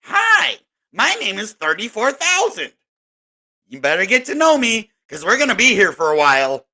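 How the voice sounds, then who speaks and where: A man's voice: high-pitched, wildly swooping pitch, moderate pace, sharp tone, voice pushed up, full character voice. A man voicing Bitcoin's price as a chirpy character introducing itself with singsong greetings.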